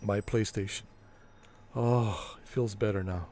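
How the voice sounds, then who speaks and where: A man's voice: on the low side, steady tone, measured pace, a little mellow, slight background noise, pitched below the performer's own voice, close to an everyday voice. A man putting on the voice of a whiny, anxious male console fanboy, stammering and breathless as a mocking send-up on a game stream. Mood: panicky.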